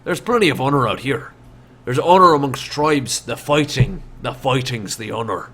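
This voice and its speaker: A man voicing a boisterous, gruff old dwarf warrior with a rough, folksy drawl. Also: medium pitch, lively intonation, moderate pace, a bit bright, slight background noise, natural voice.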